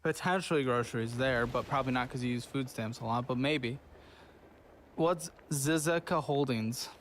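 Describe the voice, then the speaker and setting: A man's voice: mid-range voice, moderate pace, slight background noise. A man hosting from a studio, harshly berating a guest over her spending in a profane, scornful tirade. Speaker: host. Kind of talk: berating financial review.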